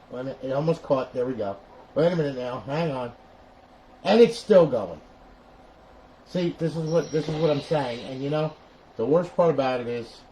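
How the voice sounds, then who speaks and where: A man's voice: mid-range voice, darkish tone, a little hiss or hum. A man live-streaming a console repair, ranting in frustration, repeating himself and talking straight to his viewers.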